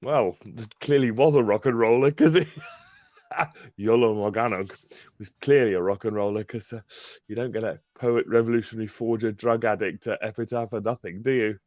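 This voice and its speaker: A man's voice: lowish voice, fairly even intonation, normal speed, darkish tone, dry recording. A man co-hosting a casual live-stream chat on a video call, chatty, laughing often and full of fillers. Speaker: co-host. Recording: dry, slightly dull call audio.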